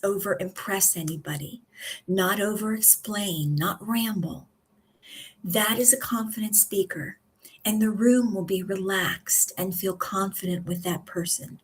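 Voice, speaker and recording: On a live video stream, a communication coach with a husky, medium-pitched voice teaches public speaking. She speaks slowly and calmly with deliberate pauses between points, her steady, instructive tone guiding the class through each tip like a coach.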